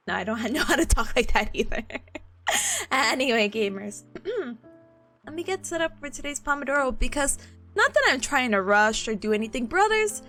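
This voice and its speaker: A woman's voice: high voice, sing-song, moderate pace, sharp tone, soft background music. A young woman from the southern United States, chatting casually with her live chat as a streamer, giggly and playful.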